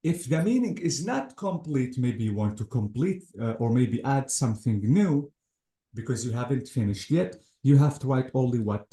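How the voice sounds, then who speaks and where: A man's voice: mid-range voice, animated, normal speed, mellow. A man teaching an English grammar lesson, patiently repeating points and checking that the student follows.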